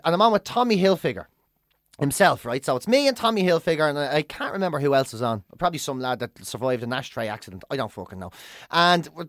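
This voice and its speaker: A man's voice: a little high, no room sound, studio quality. An Irish man, a comedian and podcast co-host, telling stories in casual chat, swearing often and acting out the people he quotes. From Ireland. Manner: profane, ranting storyteller with quick mimicry.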